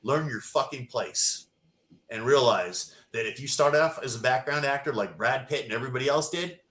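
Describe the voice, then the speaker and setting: A man tells a swear-filled story with big energy, his voice bright and forceful. The sound carries a roomy echo around him. He chats casually, the way a podcast guest does. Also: mid-range voice, moderate pace. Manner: profane, animated anecdote-telling with laughs.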